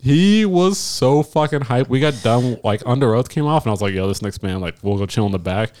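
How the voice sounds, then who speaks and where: Swearing man telling animated concert stories. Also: lowish voice, fast talker. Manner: animated storyteller, acts out friends' voices, swears freely. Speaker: podcast co-host. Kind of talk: casual chat.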